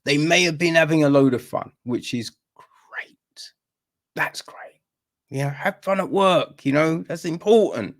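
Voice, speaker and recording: A man's voice: a little high, normal speed. A man hosting a film review podcast, talking casually in an exasperated, rambling way with lots of fillers and restarts.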